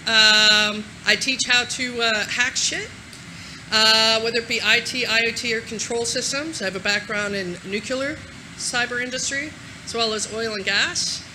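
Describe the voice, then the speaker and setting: A woman giving a casual, energetic conference talk to a live audience, swearing freely. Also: on the high side, measured pace, slight background noise, low-quality recording. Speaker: conference speaker.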